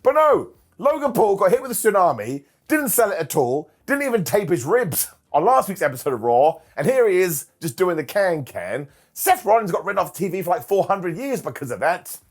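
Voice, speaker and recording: A man giving a casual, comedic recap of a wrestling show, joking and mimicking people in quick silly voices. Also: high-pitched, sing-song.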